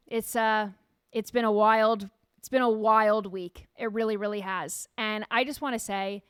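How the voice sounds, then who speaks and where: Sarcastic woman host with a smooth voice. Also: mid-range voice, dry recording, studio quality. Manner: animated, sarcastic, fires off rhetorical questions. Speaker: show host. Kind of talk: casual news commentary.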